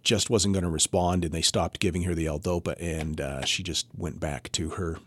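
There's no echo as this man, low-pitched and moving at a moderate pace, tells a story as a podcast co-host in casual chat. His delivery is animated, with the quoted lines acted out.

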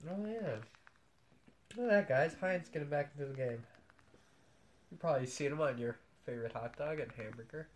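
A man chatting casually about commercials in a sarcastic way, sometimes bursting into loud rants. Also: on the high side, brisk, pauses often, slight background noise. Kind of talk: casual chat reacting to ads.

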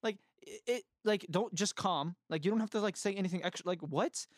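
A man's voice: sits high, a little fast, dry recording, clean studio sound. A young man co-hosting a casual gaming podcast, ranting heatedly and swearing freely. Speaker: podcast co-host.

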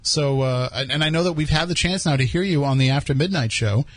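A man's voice: on the high side, fast, no room sound. Male podcast host, casual joking storyteller, dry close studio sound. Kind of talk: casual live chat.

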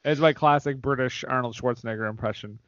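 A man's voice: fairly high pitch, animated, moderate pace, dry recording, muffled recording. A man co-hosting a podcast, introducing the show with playful, jokey banter. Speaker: podcast co-host. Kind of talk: casual comedic chat.

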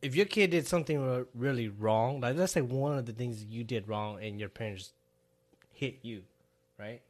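A man's voice: mid-range voice, moderate pace. Young male co-host, casual chat, easygoing questioning delivery. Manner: relaxed, easygoing, asks questions. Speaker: podcast co-host.

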